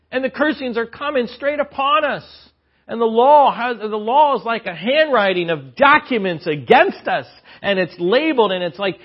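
A man preaching a sermon in a church hall, his voice high for a man and a little husky. He tells stories with lively emphasis that swings loud and soft. The recording is dull and lo-fi. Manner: animated storytelling, swings between loud emphasis and low asides. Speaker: Bible teacher.

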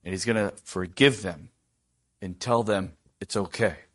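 Speaking somewhat slowly in a low register, a middle-aged preacher addresses his congregation with rhetorical questions. For tender quoted passages, he drops almost to a hush.

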